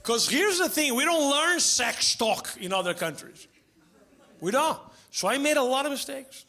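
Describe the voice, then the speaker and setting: On a theater stage before a live audience, a man whose first language is Portuguese performs stand-up, telling animated stories, acting out voices, and shouting punchlines. His voice is extremely high and gravelly, at a normal speed.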